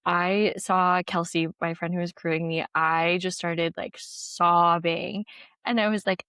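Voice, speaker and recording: A woman's voice: lowish voice, little pitch movement, moderate pace, fairly bright tone, clear, resonant tone, no room sound, clean studio sound. A young woman, an ultrarunner, telling her race story in a casual interview, chatty with lots of "like" and frequent laughs. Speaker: ultrarunner guest.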